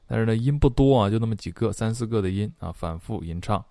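A man teaching an online English pronunciation and singing lesson. He explains in quick bursts, then slowly models each phrase. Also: fairly low pitch, expressive, warm tone, no echo, studio quality.

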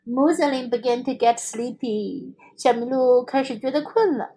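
A woman English teacher reading a children's story aloud in two languages, slow and expressive. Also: fairly high pitch.

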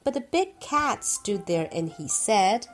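A woman's voice: mid-range voice, faint music behind. A woman reading a children's storybook aloud to her child, stopping to explain parts of it along the way. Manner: slow, lively reading with explanations in between. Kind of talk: bilingual storybook read-aloud.

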